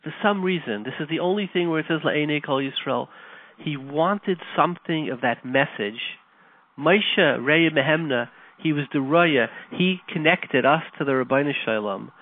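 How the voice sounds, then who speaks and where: A man hosting a Torah talk show, teaching with animated delivery and frequent Hebrew and Yiddish terms. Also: fairly high pitch, normal speed. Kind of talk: Torah lecture with storytelling. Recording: tinny phone-like line, dry.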